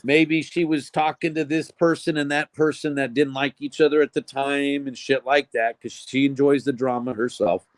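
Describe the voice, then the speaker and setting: A man's voice: medium pitch, steady tone, normal speed, few pauses, dry recording. A man co-hosting a live talk show, chatting casually and speculating with some profanity. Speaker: co-host. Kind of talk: casual chat.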